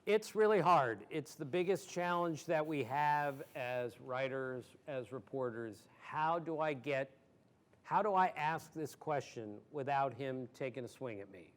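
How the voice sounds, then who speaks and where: A man in his sixties from Maryland, guest at an audience Q&A, telling stories in an animated, emphatic way and laughing easily. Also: mid-range voice, a little slow. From Maryland, USA. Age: 60s. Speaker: guest sportswriter. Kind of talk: storytelling in an audience Q&A.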